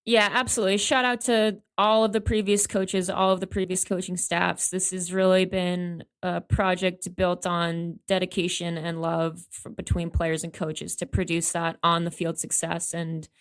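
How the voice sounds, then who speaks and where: A woman coach chats as a podcast guest. Her voice is smooth and resonant, and her talk is friendly with a few fillers. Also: fairly low pitch, flat delivery, normal speed, few pauses. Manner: friendly and upbeat, with some fillers. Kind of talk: casual interview chat.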